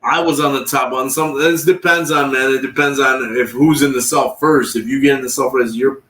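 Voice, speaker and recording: A man's voice: medium pitch, steady tone, moderate pace, fairly bright tone, slight background noise. A man telling long, profane, rambling stories on a livestream and acting out what other people said. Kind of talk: casual storytelling. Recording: echoey room, far from the mic.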